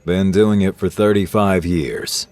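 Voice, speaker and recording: Male narrator as veteran drill instructor: clipped, dry, low voice. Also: expressive, a little slow, a little mellow, no room sound, faint music behind.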